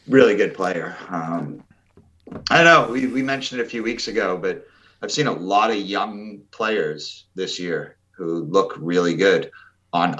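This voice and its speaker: Deep-voiced man, casual football chat. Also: a bit bright. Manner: rambling, many fillers and restarts. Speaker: podcast co-host.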